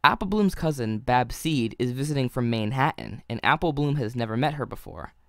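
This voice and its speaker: A man's voice: mid-range voice, lively intonation, fairly quick, a bit bright, no echo, studio quality. A young man narrating a scripted video review in an analytical way, with wry asides.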